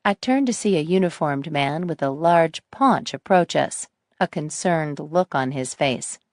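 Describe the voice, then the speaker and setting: A woman narrating a mystery audiobook in a measured first-person style. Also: sits low, expressive, darkish tone, no room sound, studio quality.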